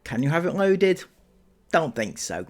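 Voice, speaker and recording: A man's voice: on the high side, sing-song, measured pace. A young man hosting a commentary channel, sarcastically reacting to viewer comments in a chatty, mocking way with ums and laughs.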